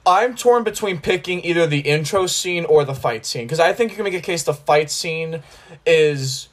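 A man with a slightly raised pitch hosts a casual podcast chat about a film. He talks with enthusiasm and rambles, often breaking off and restarting his sentences. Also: expressive, moderate pace. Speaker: podcast host.

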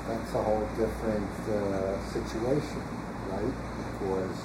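A man in a study group asking questions, hesitant and pausing with fillers. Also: lowish voice, steady tone, noisy background.

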